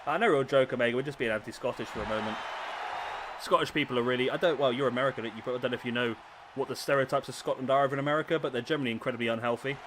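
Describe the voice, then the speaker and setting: A man, commentating a wrestling video game on a live stream, excitable and jokey, bantering with his chat. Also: medium pitch, very fast. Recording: game crowd noise behind voice. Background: wrestling game crowd and arena noise.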